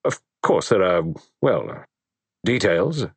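A man's voice: sits low, very animated, slow pace, gravelly, breathy edge, dry recording, full character voice. A man reading a fretful, anxious young husband. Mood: evasive. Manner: nervous, reassuring himself. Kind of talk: audiobook character voice.

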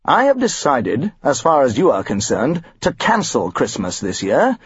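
A man's voice: mid-range voice, huge pitch swings, normal speed, breathy edge, dry recording, dull audio, exaggerated voice. A man doing a blustering pompous father. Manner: blustering, moaning. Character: pompous angry middle-aged father.

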